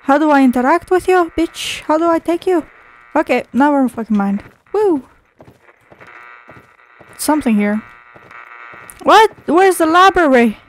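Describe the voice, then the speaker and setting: Woman gamer with a high voice, swears nonstop and screams at scares, talks kinda slow. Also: animated, rough recording. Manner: jumpy, swears constantly, shrieks at scares. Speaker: gaming video creator. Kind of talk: horror game playthrough commentary.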